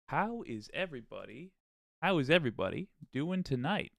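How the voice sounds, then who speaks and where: A man's voice: mid-range voice, very animated, moderate pace, gravelly, a bit bright. A man hosting a casual live stream, greeting his viewers by name in an upbeat way and often restarting his sentences. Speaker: livestream host.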